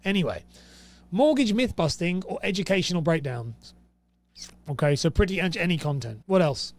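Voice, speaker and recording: A man's voice: high voice, lively intonation, moderate pace. Sarcastic, exasperated man. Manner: exasperated, sarcastic, reading aloud and reacting. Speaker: host. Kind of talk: casual commentary to camera.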